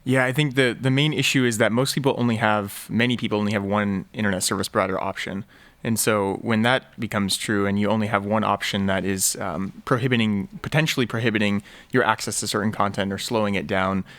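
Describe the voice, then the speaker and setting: A man speaking as a guest on a tech panel, explaining things quickly with plenty of fillers. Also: lowish voice, a bit bright, no room sound. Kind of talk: casual roundtable chat.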